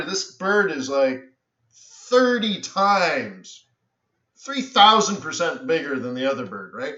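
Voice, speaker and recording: Tired, animated man in an echoey room. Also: medium pitch. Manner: animated storyteller, says "so anyways" often, trails off. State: tired from little sleep. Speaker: live-stream trading host. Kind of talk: rambling casual chat on a live stream. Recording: echoey room, dull lo-fi sound.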